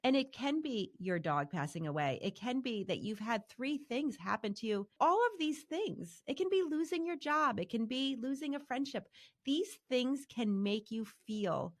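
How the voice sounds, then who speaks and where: A woman's voice: a little high, lively intonation, moderate pace. Woman podcast host, earnest and chatty. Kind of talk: casual conversation.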